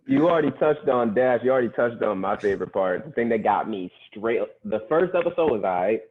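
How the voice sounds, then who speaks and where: Man, mid pitch, casual rambling podcast co-host, slangy retelling; tinny phone-line sound. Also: lively intonation, brisk. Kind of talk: casual chat.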